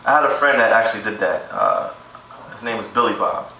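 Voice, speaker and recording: A man's voice: on the low side, huge pitch swings, fairly quick, vocal fry, pushed and bright, slight background noise. A young man rehearsing crude stand-up jokes at home, rambling and laughing at his own material. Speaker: amateur stand-up comic. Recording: echoey room, far from camera mic.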